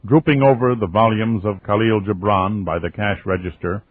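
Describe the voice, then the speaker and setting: Guy reading a novel out loud, lowish voice, wry and steady, sounds like it's over a phone line. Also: normal speed. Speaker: audiobook narrator. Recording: tinny lo-fi phone-like audio.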